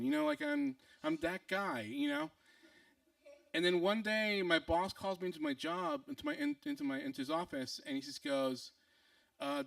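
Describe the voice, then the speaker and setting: Young guy telling a funny story to a crowd, bouncy voice with gravelly edges, acts out everyone, lots of ums, dry sound, mic kinda far off. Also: high voice, normal speed, no room sound. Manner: animated, acts out other people's lines, many fillers and restarts. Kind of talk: comic personal storytelling to an audience.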